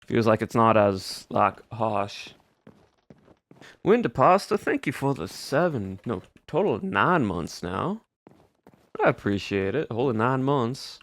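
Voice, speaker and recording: A man's voice: medium pitch, big pitch swings, unhurried, fairly bright tone, no room sound. A young man streaming as a cowboy in a put-on Southern US drawl, chatting casually in character with a folksy, rambling manner. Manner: laid-back folksy drawl, rambling asides. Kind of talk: casual in-character roleplay chat.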